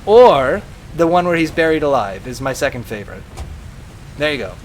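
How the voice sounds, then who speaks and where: A young man streaming a video game, chatting casually and reading viewer messages aloud in an animated way. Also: a little high, moderate pace, slight background noise. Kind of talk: casual live-stream chat.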